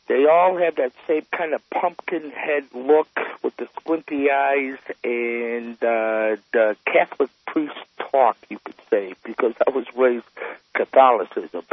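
Husky man in his forties on a phone line. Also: mid-range voice, unhurried, no echo. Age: 40s. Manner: chatty, friendly, rambling. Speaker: caller. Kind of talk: casual phone call to radio show.

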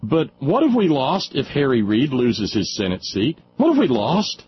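A man's voice: mid-range voice, huge pitch swings, moderate pace. A man hosting a radio call-in show, talking casually about politics, laughing often and stumbling over restarts. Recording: dull lo-fi radio sound, faint hum.

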